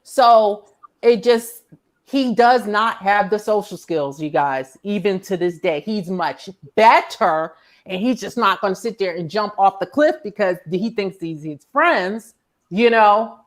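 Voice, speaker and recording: A woman in her forties telling a story in a casual group chat, animated and acting out the people she quotes. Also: medium pitch, a little slow.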